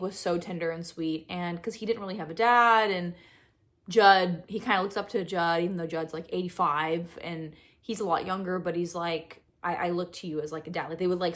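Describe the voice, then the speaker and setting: A young woman chatting casually about books she read, rambling and gushing with lots of fillers. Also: lowish voice. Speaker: book vlogger. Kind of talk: chatty book review.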